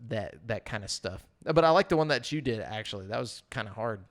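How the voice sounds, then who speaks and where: A man's voice: fairly low pitch, animated, fairly quick. A young man co-hosting a casual gaming podcast, rambling with fillers and frequent laughs. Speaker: podcast co-host.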